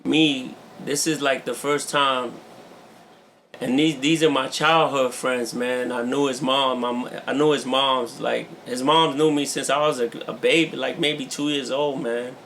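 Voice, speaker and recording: A man's voice: mid-range voice, fairly even intonation, measured pace, fairly bright tone, a little hiss or hum. A man co-hosting a podcast in casual chat, earnest and peppering his talk with "man" and "you know". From New York. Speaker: podcast co-host.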